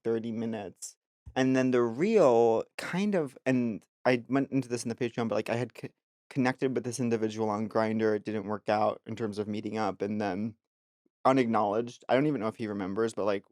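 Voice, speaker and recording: A man's voice: lowish voice, fairly quick, no room sound, clean studio sound. A man co-hosting a podcast, telling stories in a casual chat and acting out the people in them. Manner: animated storyteller, acts out voices. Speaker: podcast co-host.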